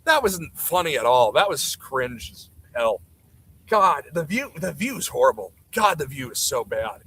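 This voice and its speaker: A man's voice: fairly high pitch, very animated, unhurried, pushed and bright, slightly rough, poor audio. A man streaming live, reacting to a TV clip with sarcastic, mocking rants.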